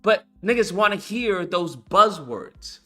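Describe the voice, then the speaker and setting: A young man hosting his channel, ranting casually about marketing and hype, profane and animated, mocking people with put-on quotes. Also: high-pitched, slow pace, faint music behind. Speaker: channel host. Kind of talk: casual commentary monologue.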